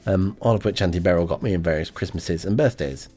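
A man hosting an amateur radio show in a rambling, hesitant, deadpan comic monologue full of ums. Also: sits low, quick pace, soft background music.

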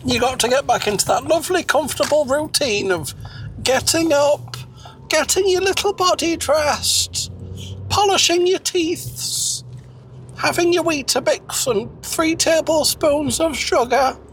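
A man voicing a high-pitched, fussy man who scolds and nags in a shrill voice. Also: measured pace, fairly bright tone, a little hiss or hum. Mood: teasing.

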